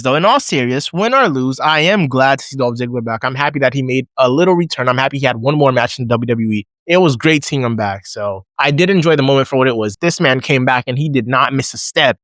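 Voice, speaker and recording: A man giving a casual recap and review of a wrestling show, animated, acting out his own reactions in a raised voice. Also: medium pitch, no echo, studio quality.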